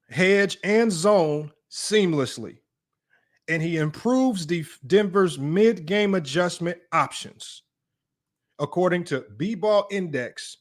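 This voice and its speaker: A man with a high voice reads basketball numbers off the screen and keeps breaking off to mock his doubters. His delivery is combative and sarcastic, swinging between plain reading and needling taunts aimed at viewers. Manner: combative, mocking, reads data aloud then taunts critics. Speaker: sports debate host. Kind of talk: reading stats and ranting to viewers.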